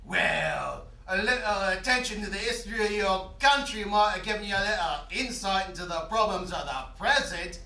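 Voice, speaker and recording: A man's voice: high voice, lively intonation, moderate pace, few pauses, sharp tone, full character voice. A man voicing a mounted stag head that chides a politician in a mock-British manner, recorded on an echoey stage from a distance. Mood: chiding. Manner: mock-British, chiding and sly. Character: talking mounted stag head, male, wry and meddling.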